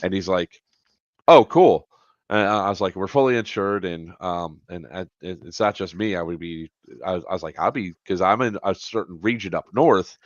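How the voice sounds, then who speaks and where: A middle-aged man, a grandfather, hosting a casual podcast and telling an animated travel story, swearing now and then. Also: sits low, brisk, no echo. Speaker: podcast host and airsoft event organizer. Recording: dry, dull lo-fi podcast audio.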